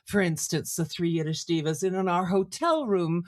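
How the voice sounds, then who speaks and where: An older woman, a singer and actor from France raised in Canada, telling animated stories as an interview guest. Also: lowish voice, moderate pace. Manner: animated storyteller, drops into quoted voices. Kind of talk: conversational interview storytelling.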